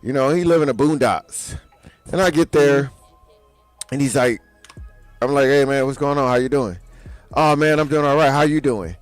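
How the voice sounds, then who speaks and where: A man tells a story in relaxed radio chat, acting out the voices and laughing as he goes. His voice sits in a middle range. The recording is close and dry, with no room echo. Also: mid-range voice, normal speed, pauses often, soft background music. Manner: laughs through his story, acts out quoted dialogue. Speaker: radio show co-host.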